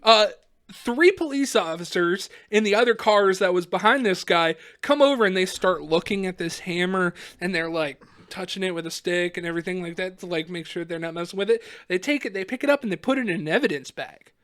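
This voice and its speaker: A young man on a podcast, telling a story in a casual, animated way and laughing as he goes. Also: sits high, a little fast. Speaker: podcast co-host.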